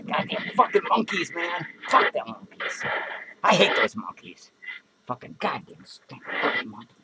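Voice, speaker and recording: A man's voice: fairly high pitch, sing-song, normal speed, background noise. A man doing a foul-mouthed ranting clown. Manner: profane, rambling ranting. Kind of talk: comedic character monologue. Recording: loud music playing behind the voice.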